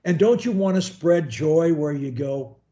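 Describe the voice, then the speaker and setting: A man's voice: a little high, lively intonation, measured pace, mellow, lo-fi sound. A man coaching a student one-on-one over a video call, talking in a folksy, rambling, encouraging way. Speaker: speech coach.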